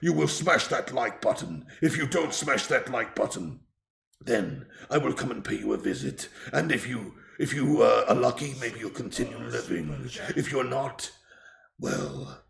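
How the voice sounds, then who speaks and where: Brief: a streamer hamming up a threatening Grim Reaper, deep and gravelly, slow delivery, roomy echo. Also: male voice, big pitch swings, fairly bright tone, full character voice. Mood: menacing. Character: menacing Grim Reaper, death spirit.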